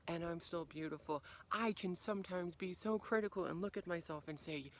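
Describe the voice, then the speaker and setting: A woman life coach giving a motivational talk to camera outdoors in the cold. She acts out quoted reactions with big jumps in pitch and volume, then drops to a soft, quiet voice on reflective lines. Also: brisk, few pauses.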